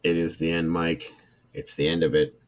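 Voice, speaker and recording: Speaking at a moderate pace in a low, level voice, a middle-aged true crime livestreamer reads a report aloud, and the audio has its highs cut off. He gets emotional and irritated as he goes, calling out chat viewers by name.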